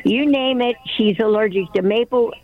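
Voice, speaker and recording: A woman's voice: a little high, moderate pace. A woman calling in to a radio show, listing things off in an amused tone. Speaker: caller. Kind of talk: phone-in chat. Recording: dull phone line.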